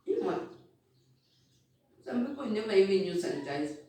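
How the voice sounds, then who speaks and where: A woman's voice: mid-range voice, big pitch swings, moderate pace, warm tone. Echoey woman talking frankly. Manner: direct, blunt, talks while eating. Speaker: vlogger. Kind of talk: casual motivational talk. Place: indoor room, sitting on the floor. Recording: very echoey room, distant mic, faint noise.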